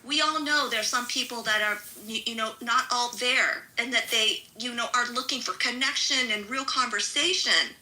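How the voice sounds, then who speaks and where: A woman's voice: on the high side, normal speed, hardly any pauses, bright, forceful tone, rough recording. A middle-aged woman in a live audio chat room, angrily calling someone out, swearing and mimicking others sarcastically.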